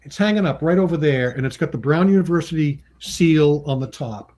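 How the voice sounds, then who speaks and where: A man's voice: a little fast, a little mellow. Chatty man telling stories. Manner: chatty, acts out quoted people with pitch jumps; laughs often between remarks. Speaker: comic book writer and artist, guest. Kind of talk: casual anecdotal storytelling.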